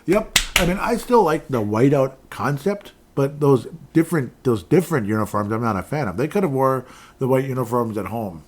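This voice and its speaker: A sports podcast host rambles loosely, reading out listener comments, restarting sentences and laughing as he goes. His medium-pitched voice is animated and a little mellow, at normal speed, with a little hiss or hum in the background.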